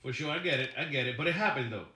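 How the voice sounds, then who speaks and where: Animated guy in his 30s chatting, bright voice, roomy echo. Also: mid-range voice, rapid-fire. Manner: animated, acts out quotes in put-on voices. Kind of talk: casual chat.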